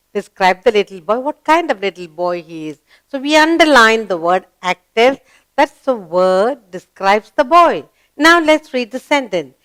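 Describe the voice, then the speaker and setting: Woman, children's grammar teacher, slow and deliberate, coaxing question-and-answer manner, dry close recording. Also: on the high side, no echo.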